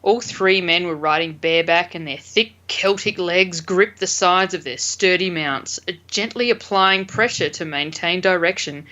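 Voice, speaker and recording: A woman's voice: on the low side, measured pace, few pauses, sharp tone. A woman co-hosting a podcast, chatting playfully and reading passages from a novel aloud, on dull lo-fi audio. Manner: playful, amused. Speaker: guest co-host.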